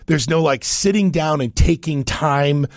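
Male show host from Cincinnati, animated commentary, gravelly timbre, dry studio sound. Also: on the high side, a little slow, no room sound. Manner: animated, chatty, laughs often. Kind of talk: casual show commentary on clips.

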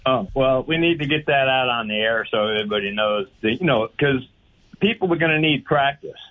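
A man calls into a radio show and tells a story, chatty and halting, with a voice of middling pitch. His voice comes through a narrow, tinny phone line. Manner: chatty, hesitant storyteller with many fillers. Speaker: radio caller. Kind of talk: casual anecdote over the phone. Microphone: telephone.

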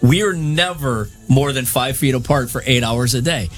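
A man's voice: mid-range voice, normal speed, fairly bright tone, soft background music. A man co-hosting a radio show, talking in a blunt, matter-of-fact way in casual banter. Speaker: co-host.

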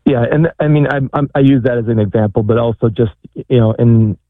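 A man's voice: mid-range voice, fairly quick, no room sound. A man calling in for advice, speaking hesitantly with many fillers and restarts. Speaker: caller. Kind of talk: phone call-in. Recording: tinny dry phone line.

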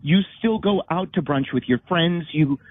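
An irritated young man speaks bluntly over a tinny phone line. His voice sits a little high and dry. He sounds defensive and fed up. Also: moderate pace, no room sound. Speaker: caller.

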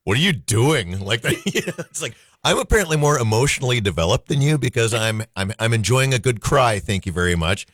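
A male radio host with a mid-range voice that swings widely in pitch as he tells stories. He talks casually and pokes fun at himself. The studio sound is dry and close. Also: a little fast, few pauses, no room sound. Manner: chatty and self-mocking, lively storytelling.

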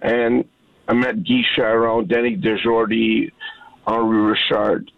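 A man's voice: lowish voice, measured pace, creaky, no room sound. Heartfelt male caller on a tinny phone line. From Canada. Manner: heartfelt, animated storytelling. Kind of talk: phone-in storytelling.

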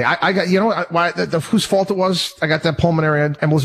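A man's voice: on the high side, steady tone, fast, hardly any pauses, fairly bright tone. A man hosting a talk show, speaking in an indignant, rambling monologue full of restarts and repeated words. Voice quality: husky. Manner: indignant and worked up. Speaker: radio talk show host. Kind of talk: casual monologue.

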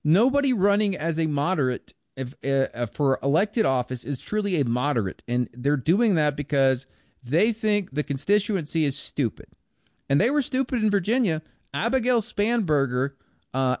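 A man's voice: a little high, sing-song, moderate pace, a little mellow, no room sound, studio quality. A man giving a blunt, scornful, rambling political commentary monologue.

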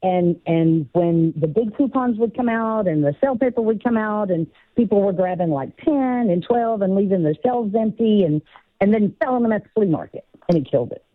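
A woman's voice: mid-range voice, lively intonation, normal speed, dry recording. A woman with a Southern US accent calling into a radio show, chatting about old times. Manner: chatty, nostalgic storytelling. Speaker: caller. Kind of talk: phone call to a radio show. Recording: tinny phone line.

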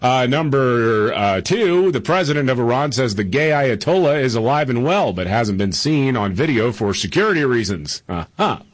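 Husky man running down news on talk radio. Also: medium pitch, normal speed, few pauses. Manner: relaxed, chatty news rundown with fillers. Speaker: radio talk show co-host.

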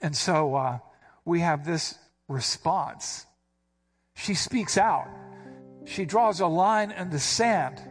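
A man with a slightly higher-than-usual voice preaching a verse-by-verse sermon. He explains Greek word meanings in a conversational way and gives quoted lines a sharp, emphatic punch. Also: slow, soft background music. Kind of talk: expository sermon.

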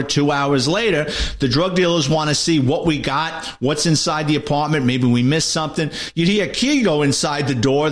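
An older man spins a police anecdote for radio listeners. His voice sits a little high, and he carries the story along with a lively storyteller's drive. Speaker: retired detective turned author, radio guest.

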